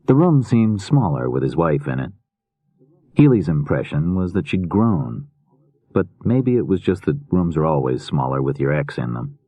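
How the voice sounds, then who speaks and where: A man reading a mystery novel aloud in a measured, steady narration. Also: rumbling low, no echo. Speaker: audiobook narrator. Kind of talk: scripted narration.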